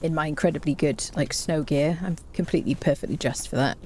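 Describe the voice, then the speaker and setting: A woman's voice: deep voice, fast, darkish tone, slight background noise. A woman streaming a game live, chatting casually with her viewers and humming little tunes to herself.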